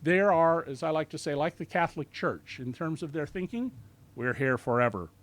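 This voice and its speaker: A man in his sixties lectures an audience in a bookstore, his voice sitting high for a man. He tells his stories with a sardonic bite and mimics the people he quotes to mock them. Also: a little fast. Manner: lively, sardonic storytelling with mocking quoted voices. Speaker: author giving a bookstore talk. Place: bookstore event room.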